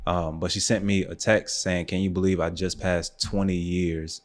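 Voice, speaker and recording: A young adult man from the United States, a photographer guest on a podcast, telling a personal story in a relaxed casual way with lots of fillers like "um" and "like". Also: low voice, normal speed.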